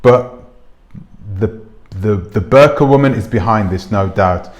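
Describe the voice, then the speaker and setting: This commentary host has a lowish voice and keeps a measured pace. He addresses the camera casually on a clip-on mic, drifting from point to point and asking his viewers rhetorical questions.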